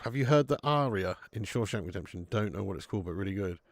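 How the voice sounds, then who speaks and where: A man's voice: on the low side, animated, fast talker, no echo. A man hosting a live football watch-along, chatting casually, laughing often and swearing freely as he reads out viewers' messages. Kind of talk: casual live stream chat.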